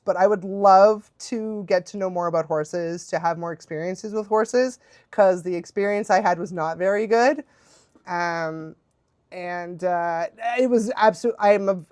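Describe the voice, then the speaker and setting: Animated, laughing woman streamer. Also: no room sound, studio quality. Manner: animated, laughs often, acts out quotes in high voices. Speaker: dog trainer and livestream host. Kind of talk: casual livestream Q&A chat.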